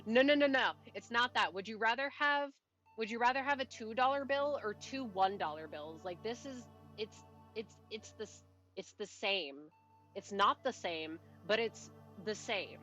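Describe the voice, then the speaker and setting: A woman game streamer rambles to her chat with a bright, sharp-edged voice, breaking off mid-thought and laughing under her breath. The mic sounds dull and lo-fi, and soft game music plays faintly underneath. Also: mid-range voice, moderate pace. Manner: rambling, self-interrupting, chatty with little laughs. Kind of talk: casual live-stream chat while playing.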